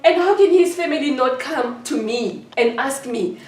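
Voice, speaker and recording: A woman's voice: high voice, expressive, moderate pace, reverberant, recorded from a distance, crowd noise. A woman giving an emotional personal account in an interview, hurt and indignant, often repeating herself.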